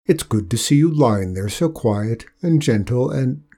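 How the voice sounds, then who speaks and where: A man's voice: medium pitch, lively intonation, a little slow, dark tone. A man voicing Death as a chatty, officious male figure who relishes his bookkeeping, in a storybook reading. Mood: smug.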